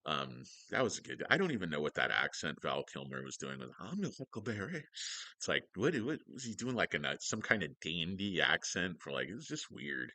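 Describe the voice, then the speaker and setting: A man's voice: a bass voice, big pitch swings, fairly quick, vocal fry, hardly any pauses, bright, forceful tone, dry recording. A man hosting a casual stock livestream from his home office, rambling and joking sarcastically with many fillers.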